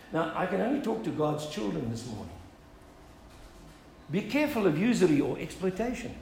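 A man's voice: sits high, echoey room, a little hiss or hum, rough recording. A male pastor preaching an earnest sermon, building up to emphatic appeals and asking "Amen?".

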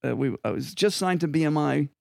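An older man from Long Island, a guest musician telling rambling, animated stories with frequent asides in an interview. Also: fairly high pitch, fairly quick, gravelly, dry recording, clean studio sound. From Long Island, New York. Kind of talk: anecdotal storytelling in an interview.

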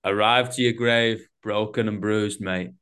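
A man with a fairly low voice, hosting a relaxed podcast conversation. He talks loosely and swears a lot, calling his guest mate. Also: a little slow, clear, resonant tone. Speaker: podcast host. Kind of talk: casual chat.

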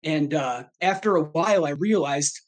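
A man's voice: on the high side, normal speed. A man in his thirties from Michigan, chatting as a podcast guest in a rambling, self-deprecating way, laughing often. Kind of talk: casual chat.

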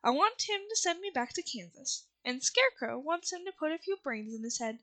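A woman's voice: sits high, very animated, brisk, pushed and bright, heavily acted. A woman reading aloud, voicing an earnest, polite young girl lost far from home who asks eager questions.

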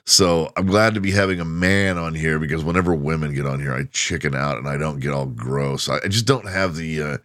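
Deep-voiced crude joking podcast man. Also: brisk, few pauses, a bit bright, no room sound. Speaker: podcast host. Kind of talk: casual comedic monologue.

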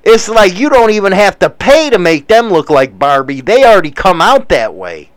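A man's voice: sits high, normal speed, no room sound. Chicago guy in his 40s ranting casual, voice jumps all over, dry close sound. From United States. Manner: rambling, profane, animated asides. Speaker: commentator reading news. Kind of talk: casual commentary.

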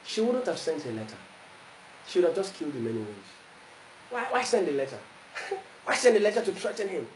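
A male pastor preaching with a high, lively voice that swings wide in pitch. He acts out the characters of the story and builds to shouts. The sound is roomy with a faint hiss underneath. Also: brisk. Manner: animated preaching, acting out Bible figures, rising to shouts. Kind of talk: sermon.

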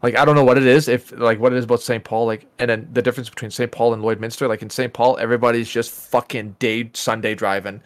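A man co-hosting a podcast over a voice call, ranting and swearing about other drivers and acting out what he'd yell at them. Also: medium pitch, fairly even intonation, fast talker, hardly any pauses. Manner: ranting, swears a lot, acts out angry quotes. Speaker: podcast co-host. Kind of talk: casual chat. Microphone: recorded over a voice call.

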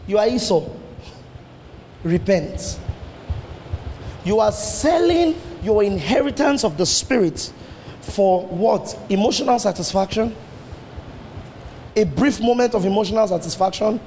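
A man preaching a sermon, animated and swinging his pitch up and down as he fires rhetorical questions at the congregation. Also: a little slow, pauses often, slight background noise. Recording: long hall reverb, faint ambience.

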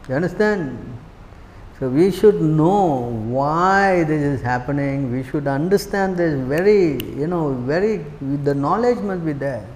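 A man delivers a sermon-style spiritual class in a temple hall, his voice sitting high for a man. He is emphatic and keeps pressing his listeners with short rhetorical questions. The room is echoey, and each phrase trails off in a long reverb. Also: darkish tone, slight background noise. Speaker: spiritual teacher giving a class.

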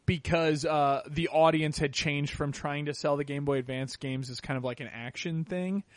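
American man, podcast co-host, slightly high voice, playful and loose. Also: fairly even intonation, no echo. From United States. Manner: joking, playful, quick asides. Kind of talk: casual chat.

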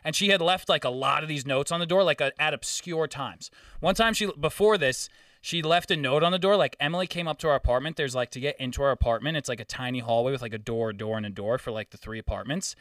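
A man's voice: mid-range voice, fast talker, no echo, studio quality, recorded from a distance. A man telling a story in casual chat, swearing freely and acting out the quotes. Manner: profane, animated storytelling with acted-out quotes.

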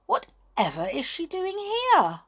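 A wide-eyed little brownie, quick to be amazed, as a woman puts him on for a storybook. He sounds high, breathy and bouncing with lively wonder. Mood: astonished. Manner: astonished, excitable exclamations.

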